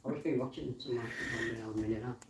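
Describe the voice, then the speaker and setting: A man off camera at home, making low-key, mumbled remarks away from the microphone. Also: steady tone, quick pace. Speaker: host's partner off camera. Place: home room, away from the mic. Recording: distant voice in a roomy space.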